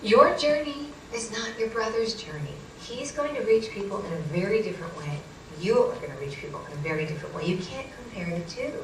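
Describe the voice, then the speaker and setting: A woman doing a calm, soothing psychic. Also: medium pitch, fairly quick, hardly any pauses, slight background noise, close to an everyday voice. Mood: reassuring. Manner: calm, reassuring, coaching. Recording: roomy hall, distant mic, faint ambience.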